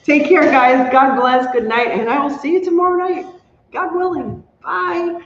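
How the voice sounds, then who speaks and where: A woman hosting a casual live crafting stream, chatty and upbeat, thanking her viewers warmly. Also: sits high, fairly even intonation, normal speed. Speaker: livestream crafting host. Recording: echoey room, dull lo-fi sound.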